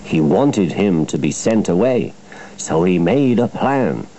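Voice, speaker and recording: A man reads a children's storybook aloud, slow and expressive. His voice is mellow and dark, with lively rises and falls in pitch. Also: slight background noise. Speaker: narrator.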